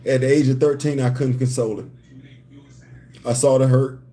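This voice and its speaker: A man's voice: mid-range voice, flat delivery, normal speed, mellow. A man hosting a casual livestream chat from a hotel room, joking and repeating his phrases. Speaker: host.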